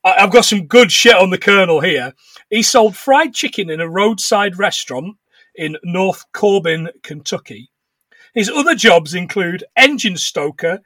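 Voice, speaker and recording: A man co-hosting a casual podcast chat, giggling as he retells scenes and slips into quick silly voices. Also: high-pitched, bright, forceful tone, dry recording, far from the mic. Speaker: podcast co-host.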